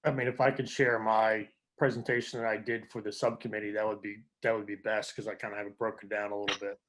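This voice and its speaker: A special education teacher presenting to a school board over a video call, in a casual, rambling way. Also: male voice, lowish voice, level tone, fast talker, background noise.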